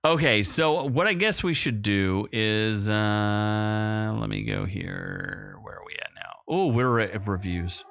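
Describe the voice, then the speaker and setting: A man's voice: on the low side, slow, gravelly. A young man co-hosting a podcast, chatting casually about a film, rambling and cutting himself off mid-sentence. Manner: rambling, self-interrupting, animated when excited. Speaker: podcast co-host. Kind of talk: casual movie review chat.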